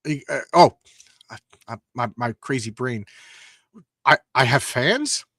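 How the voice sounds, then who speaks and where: A man's voice: medium pitch, expressive, slow pace, a bit bright, husky, dry recording, studio quality, full character voice. A man reading a flustered young superhero. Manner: stammering, flustered.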